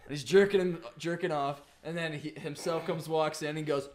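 A man with a notably high voice in a loose podcast chat. He tells stories at length and wanders as he goes. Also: fairly even intonation, moderate pace, a little mellow, slight background noise. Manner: rambling anecdotal storyteller. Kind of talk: casual chat.

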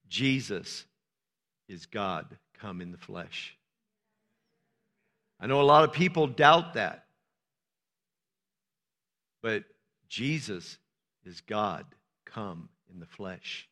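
Bright-voiced pastor preaching in a reverberant hall. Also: male voice. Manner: swings from soft and low to loud, high-pitched preaching. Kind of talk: sermon. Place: church sanctuary.

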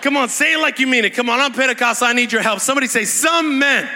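A young man preaching an energetic Pentecostal sermon with call-and-response, fast and excited, repeating words and shouting to the crowd in a large church hall. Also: very high-pitched, a little hiss or hum. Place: large church hall at a live worship night. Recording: long hall reverb from a live event.

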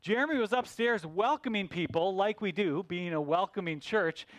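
A man's voice: high voice, moderate pace, dry recording. A man hosting a church podcast, telling a joke story in a playful, rambling way into a podcast mic.

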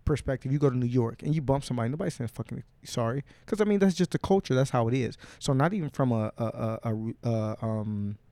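There's no echo on this medium-pitched male voice, which moves fast and hardly pauses. He's a casual podcast host telling stories loaded with swearing, animatedly acting out quotes in put-on voices.

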